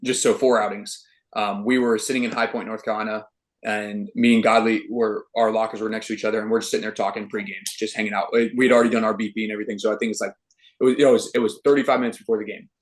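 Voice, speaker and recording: A young man speaking in a lowish voice, rattling through a personal story at a brisk clip. He is a ballplayer guest in a relaxed interview, loose and slangy, with plenty of "like" and "dude". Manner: animated, slangy, with "dude" and "like" fillers. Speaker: guest, professional baseball pitcher.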